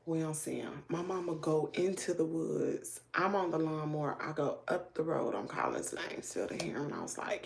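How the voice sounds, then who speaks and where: A middle-aged woman with a Southern US accent, hosting a livestream and telling a story in a relaxed, chatty way while doing her makeup. She is animated and sometimes drops to a hushed near-whisper. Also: low-pitched, moderate pace, creaky, few pauses. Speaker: livestream host. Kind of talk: casual storytelling chat.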